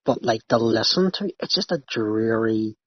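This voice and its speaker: A podcast host with a lowish, expressive voice speaks at normal speed, ranting and swearing through casual banter with a friend. The recording is dry with no room sound, slightly muffled and lo-fi.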